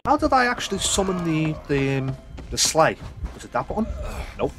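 A man's voice: on the high side, sing-song, moderate pace, loud music behind the voice. A man with a sweary, exasperated manner, commentating his own gameplay and talking back to the game. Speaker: gaming YouTuber.

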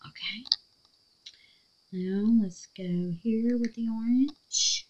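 A middle-aged woman hosts a resin craft channel, chatting casually to herself and her viewers as she works through a tutorial. Her voice is a little high and a little mellow, and she draws out her words. The recording quality is low.

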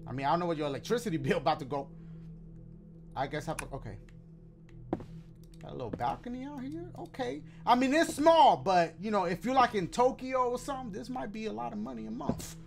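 A man's voice: high voice, lively intonation, a little fast, vocal fry, music in the background. A man doing let's play commentary on a game, slangy and joking, talking to the viewers. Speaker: gaming YouTuber.

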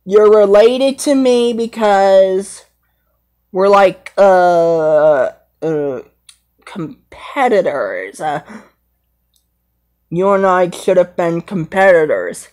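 A woman's voice: mid-range voice, expressive, very slow, pauses often, darkish tone. A woman voicing a brave, brooding young male lion in an amateur fan role-play, rambling and hesitant. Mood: earnest.

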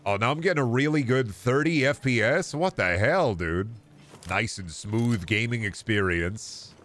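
A man's voice: medium pitch, measured pace, fairly bright tone. A young man casually commentating his gameplay, rambling, joking and swearing freely. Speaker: streamer. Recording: game music playing behind.

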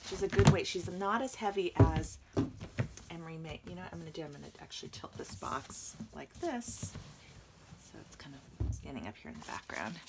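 A reborn doll collector vlogs an unboxing for her viewers, gushing excitably and sometimes dropping into hushed whispers. She coughs slightly from an oncoming cold, and her low-pitched voice comes through heavy background noise.

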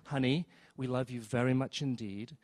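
A man voicing a doting parent who speaks in a hushed, sugary way. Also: mid-range voice, fairly even intonation, moderate pace, no echo, studio quality, close to an everyday voice. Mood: coaxing. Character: doting parent, soft and coaxing.

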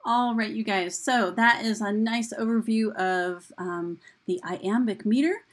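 A woman teacher casually addressing her students, relaxed, with frequent ums and uhs. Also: medium pitch, measured pace. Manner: relaxed, with fillers like um and uh. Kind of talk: casual classroom wrap-up.

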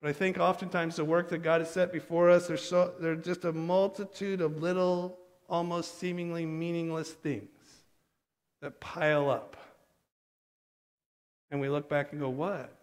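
A man preaching a sermon as pastor, animated and acting out quick bits of dialogue. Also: a little high. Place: church sanctuary. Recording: long church hall reverb.

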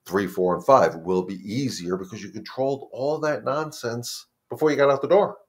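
A man with a mid-range, slightly breathy voice and moderate pace is the head dog trainer, answering questions in a casual live Q&A. His advice is plain-spoken and emphatic, and he often repeats words while thinking.

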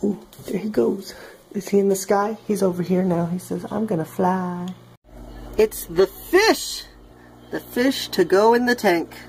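Slow-talking playful woman vlogger. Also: medium pitch, gravelly, a little mellow, slight background noise. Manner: playful, chatty with pets. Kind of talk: casual vlog tour. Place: indoors at home aquarium.

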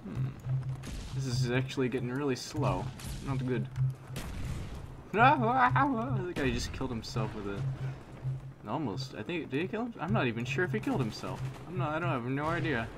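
A man's voice: mid-range voice, big pitch swings, normal speed, long pauses, over music. Goofy young man commenting on gameplay. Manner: playful, goofy, talks to himself and opponents. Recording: noisy game audio behind. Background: game gunfire and explosions.

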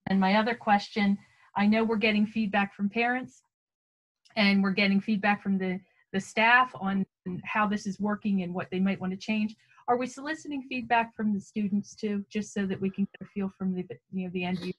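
A woman's voice: mid-range voice, steady tone, a little fast, dull audio. A woman on a school committee asking questions in a chatty way, often restarting words, over a video call. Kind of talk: virtual meeting questions.

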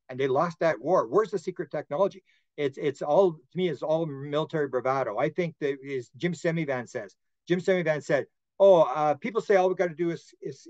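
A man's voice: on the high side, dry recording. Rambling man telling stories, dull audio. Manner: rambling storyteller with frequent restarts. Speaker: podcast guest, author. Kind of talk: casual interview talk.

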